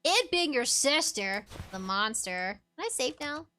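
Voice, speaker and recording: A woman's voice: high-pitched, big pitch swings, a little slow, pushed and bright. A young woman streaming a game, chatting casually and giggling as she reads chat aloud.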